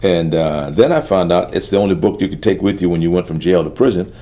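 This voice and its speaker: A middle-aged man giving a personal testimony in an interview, earnest and halting, dropping quiet at the heavy moments. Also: sits low. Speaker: interview guest.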